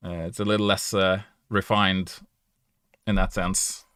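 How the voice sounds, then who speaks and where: Man, Norwegian accent, native Norwegian speaker, lowish pitch, bright forceful tone, casual chat, hesitant, restarts, laughs often. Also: flat delivery, takes it slowly, long pauses, clean tone, no echo, studio quality. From Norway. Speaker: podcast guest or player.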